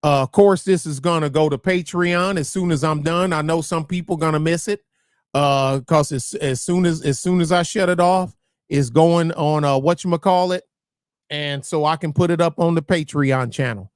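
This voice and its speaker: A man's voice: a little high, normal speed, clear, resonant tone, no room sound, clean studio sound. A man hosting a livestream, talking bluntly and profanely in rambling commentary that keeps restarting phrases. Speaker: livestream host.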